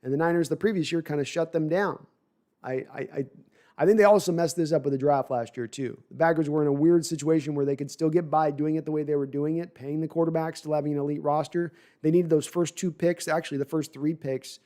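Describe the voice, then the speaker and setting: A man's voice: on the high side, fairly even intonation, a little fast, dark tone. Rambling male sports podcast host. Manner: rambling, repeats words when restarting. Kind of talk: livestream commentary reading chat.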